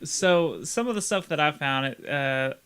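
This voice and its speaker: A man's voice: fairly high pitch, lively intonation, measured pace, a bit bright, clear, resonant tone. A man co-hosting a casual group podcast, rambling with frequent restarts and laughing at his own points. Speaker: podcast co-host.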